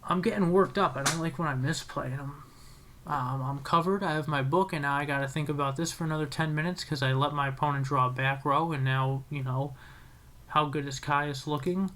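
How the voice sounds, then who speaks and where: A young man with a slightly higher voice talks through his card game play by play. He is chatty and excitable, second-guesses his moves, and stumbles over restarts as he thinks aloud. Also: fairly quick, slight background noise. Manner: excitable, self-critical, chatty with frequent restarts. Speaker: channel host commentating his own card game. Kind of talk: casual play-by-play commentary.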